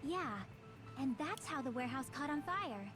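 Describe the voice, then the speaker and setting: An actress voicing a calm young female student in a dubbed game, methodically laying out a deduction. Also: sits high, normal speed. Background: game music.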